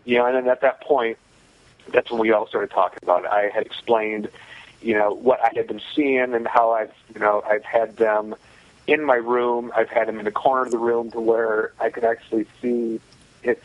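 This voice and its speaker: A man recounts a story in an easygoing, matter-of-fact way, with plenty of "you know" fillers. His voice sits at an ordinary pitch. The sound is dry and a little muffled. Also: flat delivery, normal speed, no room sound. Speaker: guest telling a personal story. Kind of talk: casual storytelling.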